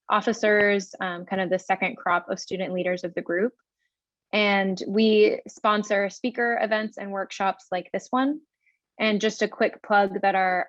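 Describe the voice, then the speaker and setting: A woman's voice: medium pitch, no echo, dull audio. A young woman student officer reading announcements and introducing a guest over a video call, with a few hesitant ums. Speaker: student group officer, moderator.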